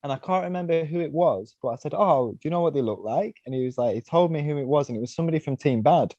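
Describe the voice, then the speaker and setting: Animated and quick, a fairly high-pitched man with a warm tone rambles through casual stories as a podcast guest, peppering them with "you know" and "right?". He's a mountainboarder, and the recording is dry and muffled.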